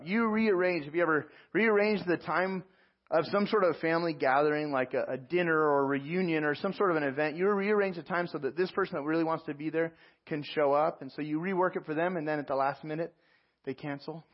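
Husky-voiced man telling a sermon story. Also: a little high, dull audio. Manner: storytelling, animated asides and self-mocking laughs. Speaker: pastor.

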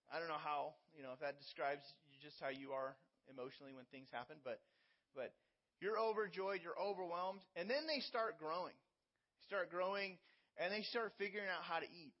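A man's voice: on the high side, a little fast, muffled recording. A man preaching a sermon as pastor, explaining scripture in an earnest teaching manner with everyday illustrations.

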